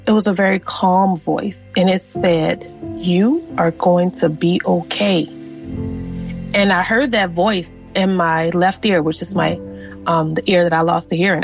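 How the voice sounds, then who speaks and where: A woman sharing her family's history in an interview, earnest and reflective, with frequent "um" and "like". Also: mid-range voice. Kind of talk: personal storytelling in an interview.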